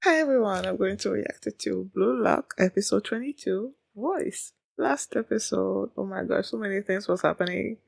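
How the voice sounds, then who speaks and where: Woman reaction host, loose rambling delivery, slight vocal fry, dry close sound. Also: mid-range voice, moderate pace, hardly any pauses, dry recording, faint music behind. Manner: rambling, full of "like" and "um". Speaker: anime reaction channel host. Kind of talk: casual reaction chat.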